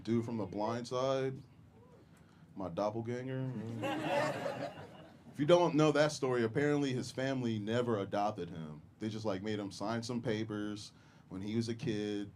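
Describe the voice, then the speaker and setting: A young man doing a stand-up comedy set on a club stage, with crude, deadpan delivery and frequent chuckles at his own jokes. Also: lowish voice, measured pace, noisy background.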